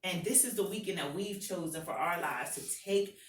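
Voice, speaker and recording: A woman giving an impassioned personal testimony to a live audience, swinging from hushed to shouting. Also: lowish voice, moderate pace. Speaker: motivational speaker. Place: event hall with an audience. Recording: echoey hall, voice picked up from far off.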